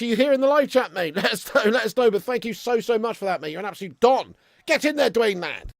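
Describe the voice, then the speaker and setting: A young man hosting a live football stream, bursting into loud hype and then falling to low mutters. His voice sits fairly high with a gravelly, fry-laden edge. The sound is close and dry, with no room around it. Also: fast, dry recording. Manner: excitable, banter-heavy, swings from loud hype to low mutters. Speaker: football watch-along streamer.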